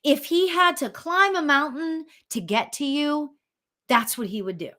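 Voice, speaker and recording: Woman medium, high and bright, gushing and rambling through a live reading. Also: a little slow. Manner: chatty, excitable, full of fillers and restarts. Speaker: psychic medium. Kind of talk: live spirit reading for viewers.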